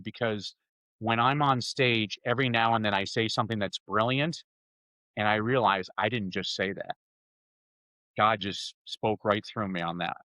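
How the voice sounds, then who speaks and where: Bright, enthusiastic male podcast guest. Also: medium pitch, dry recording, rough recording. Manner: enthusiastic, jokey, animated storytelling. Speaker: guest speaker and author. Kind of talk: energetic conversational interview.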